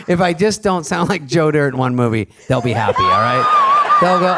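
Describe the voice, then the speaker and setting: A man's voice: a little high, normal speed, heavy background noise. A man co-hosting a podcast, telling jokey stories and acting out what people said. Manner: jokey, lively, acts out quotes. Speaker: podcast co-host. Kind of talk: casual storytelling.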